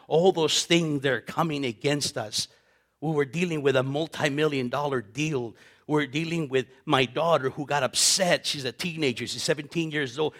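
A man's voice: mid-range voice, a bit bright. Impassioned preaching man, repeating himself. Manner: impassioned preaching with repetitions and sudden swells. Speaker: pastor. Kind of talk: sermon.

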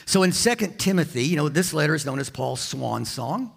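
A man's voice: a little high, lively intonation, fairly quick, vocal fry, breathy edge. A man preaching a sermon as a pastor, telling a personal story with frequent repeats and restarts.

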